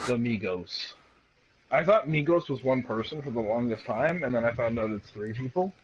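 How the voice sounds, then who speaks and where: A young man with a husky voice, chatting playfully and goofily during a game stream. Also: mid-range voice, lively intonation, normal speed, slight background noise. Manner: playful, goofy. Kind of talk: casual chat while gaming. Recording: dull lo-fi sound.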